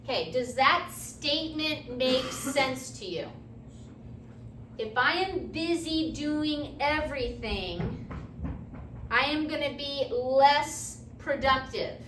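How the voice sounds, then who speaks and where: A high, bright woman lectures a class at a slow, deliberate pace, checking in with students as she goes. Her voice is picked up from a distance in an echoey classroom, with faint room noise underneath. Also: lively intonation. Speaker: teacher.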